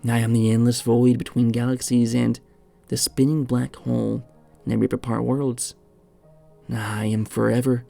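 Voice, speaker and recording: A hunched, menacing monster, as a man puts him on drawls slowly in a Texas accent, raspy and rotten-sounding. The voice underneath is gravelly with heavy fry and dark, mellow in tone. Faint music plays behind the horror story. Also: medium pitch, little pitch movement, natural voice. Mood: gloating. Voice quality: slow, raspy, diseased drawl. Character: monstrous hunched male creature, cruel and menacing.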